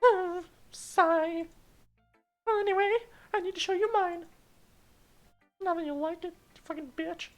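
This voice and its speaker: A man voicing a bratty, blunt teenage schoolgirl in a shaky falsetto, with a snappy, sharp-tongued manner. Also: steady tone, measured pace, pauses often, soft background music. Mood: snippy.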